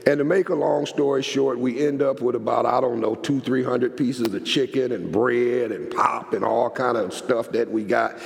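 A man who is a pastor, telling a sermon story in an animated way, with sharp pitch swings and repeated words. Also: moderate pace, vocal fry, few pauses, in a large hall.

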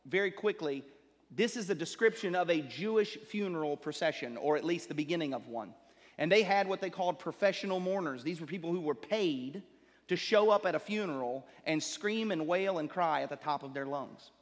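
A pastor preaching with a notably high, light voice. He swells with rising emphasis, then sinks into slow, quiet lines for weight. His words ring out with a long tail of reverb, as in a big sanctuary. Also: animated. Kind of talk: sermon. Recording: long reverb of a large hall.

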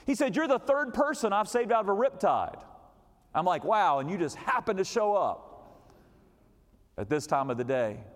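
A middle-aged man preaching a sermon, telling a story dramatically and swinging from loud shouts to quiet low asides. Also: sing-song, moderate pace, long pauses. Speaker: pastor. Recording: long hall reverb.

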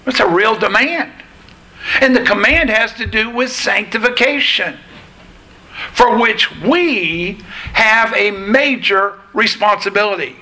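A man preaching a sermon to a congregation in a church, emphatic and deliberate, with a sarcastic edge at times. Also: high voice, pushed and bright, rough recording. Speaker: pastor. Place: church sanctuary.

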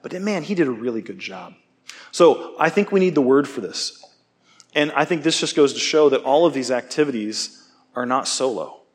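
A man who teaches, giving a casual sermon and telling stories in an emphatic, animated, conversational way. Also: mid-range voice, moderate pace.

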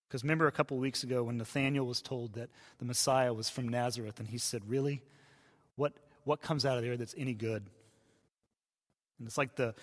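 A man who is a pastor, preaching a sermon in a conversational way and dropping to hushed tones for quoted voices. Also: medium pitch. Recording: long hall reverb.

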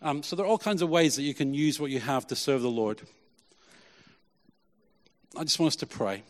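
A man preaching a lively sermon as pastor, then leading a prayer with many repeats of "Lord". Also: fairly high pitch, normal speed, long pauses. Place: church hall. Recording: long church hall reverb.

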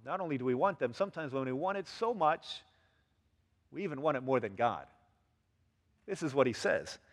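A man's voice: mid-range voice, moderate pace. A man giving a sermon as pastor, telling everyday stories and acting out quoted lines with lots of energy. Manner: animated storytelling with acted-out quotes. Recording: long hall reverb.

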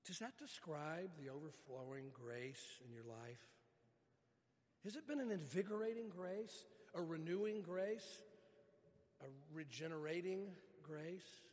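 Pastor preaching in a reverberant hall. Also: male voice, on the high side, expressive, unhurried, a little mellow. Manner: earnest, stretches key words for emphasis. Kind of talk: sermon.

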